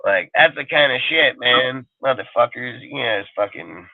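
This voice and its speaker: A man with a gravelly, mid-range voice and lively intonation hosts a sports talk show at a moderate pace. His heated, casual rant is full of swearing and emphatic repetition, and the dry, phone-like recording has no room sound.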